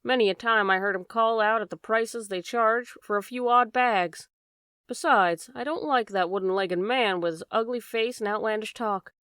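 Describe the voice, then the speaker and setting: A woman's voice: fairly high pitch, moderate pace, fairly bright tone, clear, resonant tone, no room sound, studio quality, natural voice. A woman voicing a worried, chatty working-class boatman's wife in an audiobook reading. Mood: fretful. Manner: chatty, plain-spoken, dropped endings.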